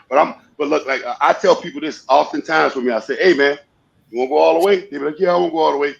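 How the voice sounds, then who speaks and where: A man's voice: on the high side, steady tone, rapid-fire, vocal fry, rough recording. A man in his forties, a guest on a live panel, talking fervently and rambling, repeating his phrases as he goes. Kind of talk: casual panel chat.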